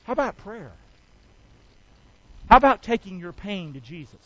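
A man's voice: sits high, big pitch swings, moderate pace, long pauses, slightly rough, dull audio. A man preaching a sermon as pastor, folksy and emphatic, calling out questions to the congregation. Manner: calls out questions to the congregation for responses; folksy, emphatic, mixes loud and soft delivery. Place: church.

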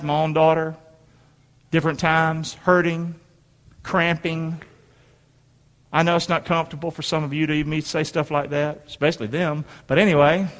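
A pastor in middle age preaches in a church sanctuary, pressing his point and drawing responses from the congregation in call-and-response fashion. His voice is on the high side with a fairly bright tone, and the hall reverb is long.

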